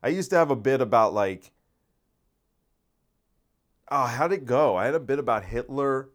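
Energetic man in a rambling podcast chat. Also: mid-range voice, normal speed. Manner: rambling and conversational, with deadpan put-on voices. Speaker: podcast host and comedian. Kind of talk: casual solo podcast monologue.

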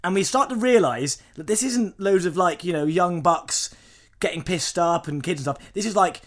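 A young man, telling a story on a podcast with animated laughter and acted-out quotes. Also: sits high, normal speed, a little hiss or hum. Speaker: podcast co-host. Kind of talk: casual storytelling chat.

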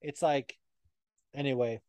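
A man's voice: mid-range voice, measured pace, a crowd in the background. A young man hosting a podcast, chatting casually and swearing a lot as he tells stories. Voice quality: profane, animated storytelling. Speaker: podcast host. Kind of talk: casual chat.

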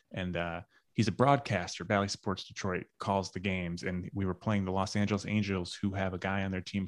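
A man's voice: low voice, no echo. A man co-hosting a casual podcast chat, rambling with many fillers and restarts. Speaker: podcast co-host.

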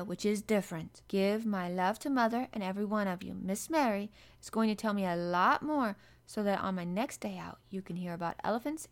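A woman's voice: mid-range voice, lightly acted. A woman voicing a blunt, cheerful young housemaid with a broad Yorkshire accent, talking in hearty dialect.

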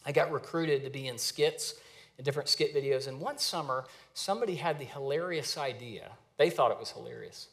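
Man preaching in a relaxed, storytelling way. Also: mid-range voice, fairly quick. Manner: conversational storytelling preacher, lively asides. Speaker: pastor. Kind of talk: sermon.

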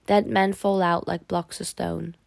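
A woman reads a novel aloud in a steady, grave voice with a gravelly texture. The recording is close and dry, with no room sound. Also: on the low side, measured pace, no echo. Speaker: audiobook narrator. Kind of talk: scripted narration.

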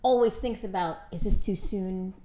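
A woman co-hosting a podcast, inquisitive and giggly, with many quick agreeing replies. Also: mid-range voice, dark tone, a little hiss or hum. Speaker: podcast co-host asking questions. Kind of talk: casual podcast chat.

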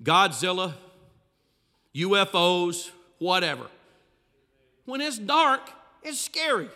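Animated high-voiced preacher in a ringing hall. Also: male voice, takes it slowly. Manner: animated, dramatic storytelling with vivid, sweeping delivery. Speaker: pastor. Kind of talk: sermon.

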